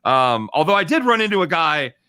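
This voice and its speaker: Guy guesting on a betting show, bright voice, dry sound, laid back and swears a bit. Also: a little high, brisk, smooth, no room sound. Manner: relaxed, swears freely, tells anecdotes. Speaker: guest handicapper. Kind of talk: casual chat.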